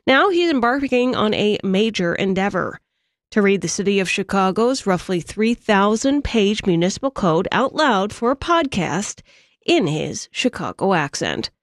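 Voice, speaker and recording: Crisp woman news anchor, dry studio. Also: medium pitch, very animated, unhurried, no echo. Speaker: radio host.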